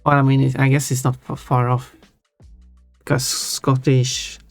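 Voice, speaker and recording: A man chats casually on a live stream and answers viewers, rambling and often restarting his words. His medium-pitched voice is monotone, unhurried and creaky, sounding close and dry with no room sound. Soft chill music plays faintly underneath.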